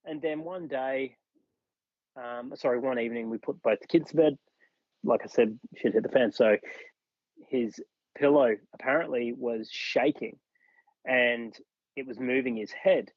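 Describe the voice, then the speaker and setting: Australian man, podcast guest, storytelling, acts out quotes, dry close sound, slightly husky. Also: medium pitch, measured pace, pauses often, no echo, muffled recording. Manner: acts out other people's lines while recounting. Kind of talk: personal storytelling in a podcast interview.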